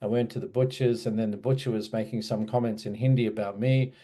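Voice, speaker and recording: A man's voice: fairly low pitch, steady tone, fast talker, mellow. A man, recalling a story in a hesitant, rambling way with many fillers. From Australia. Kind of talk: casual spoken recollection.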